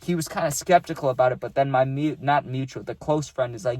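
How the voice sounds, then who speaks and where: A man's voice: mid-range voice, fast talker, darkish tone, no echo. Young man telling a story, laid-back and slangy. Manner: laid-back, slangy, keeps adding "dude" and "right?". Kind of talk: casual storytime chat.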